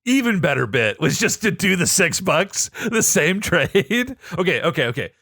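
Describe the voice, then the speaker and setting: A man co-hosting a podcast, telling a story in an excitable, profane way that swings between low asides and loud outbursts. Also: a little slow, gravelly, no room sound, clean studio sound. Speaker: podcast co-host. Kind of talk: animated casual storytelling.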